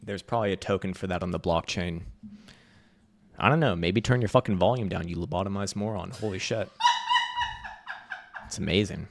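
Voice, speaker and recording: A man's voice: sits low, moderate pace, vocal fry, pauses often, slight background noise. A man giving blunt, sarcastic live market commentary, swearing freely.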